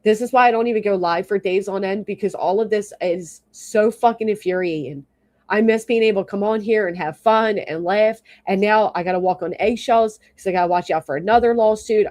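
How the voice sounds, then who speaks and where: A woman's voice: medium pitch, fairly quick, a little mellow. A woman ranting angrily on her livestream, swearing often and stopping to thank people in her chat. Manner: angry, profane, exasperated; reads and thanks chat commenters. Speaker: YouTube livestreamer. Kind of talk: livestream rant.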